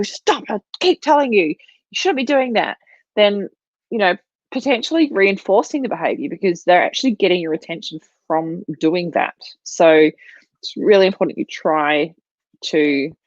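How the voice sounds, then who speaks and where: A woman's voice: fairly low pitch, no room sound. A woman dog trainer giving practical advice in a chatty live Q&A from home, with lots of fillers. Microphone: livestream mic. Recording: dull, lo-fi and dry.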